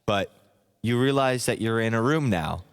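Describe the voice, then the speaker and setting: A man giving a parody sleep hypnosis narration, speaking softly and slowly in the second person. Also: medium pitch, animated, clear, resonant tone. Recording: long hall reverb.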